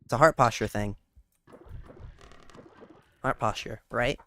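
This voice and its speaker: A man streaming a game while chatting about Christian faith, explaining scripture earnestly and gently cautioning viewers. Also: medium pitch, slow. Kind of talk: casual faith chat while gaming.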